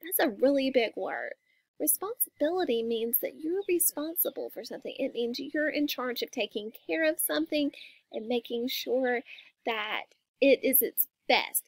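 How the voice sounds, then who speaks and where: Woman storybook reader for kids, high voice, dry close sound, stops to explain words. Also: animated, dry recording. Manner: pauses to explain words and ask questions to young listeners; changes voice for characters in quoted lines. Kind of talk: reading a picture book aloud to children.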